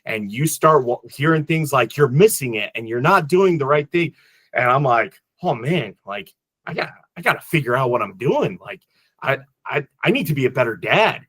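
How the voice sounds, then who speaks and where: A man co-hosting a casual movie podcast, talking in halting bursts full of restarts, and openly emotional. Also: medium pitch, lively intonation, a bit bright, slightly rough, no echo. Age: adult father. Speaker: podcast co-host.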